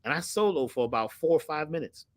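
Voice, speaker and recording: Animated high-voiced man telling stories. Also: fast. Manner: acts out quoted voices with slang. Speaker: guest. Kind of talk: animated storytelling.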